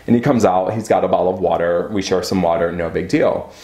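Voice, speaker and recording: A man's voice: deep voice, fast talker. A man telling a personal story in a casual storytime monologue, swearing freely and dramatically acting out what people said. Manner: profane, animated and dramatic, acting out quotes. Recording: roomy echo.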